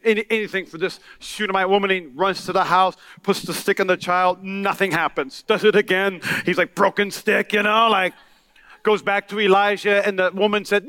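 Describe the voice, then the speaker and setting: A male pastor preaching a sermon in an animated way, acting out the lines of Bible characters. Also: sits high, smooth, no echo, clean studio sound. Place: large church hall.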